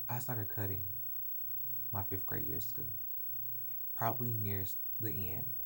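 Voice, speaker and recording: A man's voice: on the low side, normal speed, creaky, long pauses, slight background noise. A young adult man earnestly telling a personal story in a confessional vlog, recorded on a phone. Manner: earnest, animated, emotional retelling. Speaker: vlogger.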